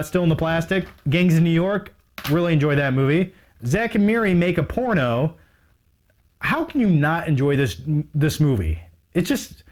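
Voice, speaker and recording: A man's voice: a little high, slight background noise. A man showing his movie collection in a casual, unscripted video, rambling with enthusiasm and poking fun at himself. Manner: rambling, enthusiastic, self-mocking.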